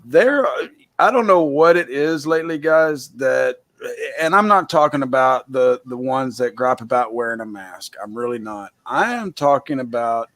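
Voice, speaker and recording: A man's voice: mid-range voice, lively intonation, moderate pace, fairly bright tone, no room sound. A man hosting a casual chat who rants bluntly and swears freely. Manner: blunt, profane, heated ranting. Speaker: host.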